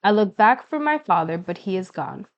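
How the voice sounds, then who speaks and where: A woman's voice: medium pitch, muffled recording. Woman narrating an audiobook in first person. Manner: measured, expressive storytelling.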